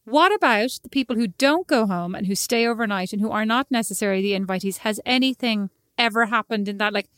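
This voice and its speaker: A young woman talks at a brisk clip, teasing her friend and breaking into laughter. She rambles on as she works toward her own stories. Her voice is a bit high for a woman and sounds close and dry. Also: fairly bright tone, dry recording. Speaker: podcast co-host. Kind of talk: casual chat.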